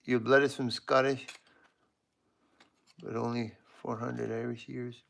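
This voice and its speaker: A man's voice: medium pitch, level tone, a little slow, creaky, a bit bright. A Canadian man hosting a live stream from his home workshop, chatting casually and greeting viewers by name while he works. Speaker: livestream host.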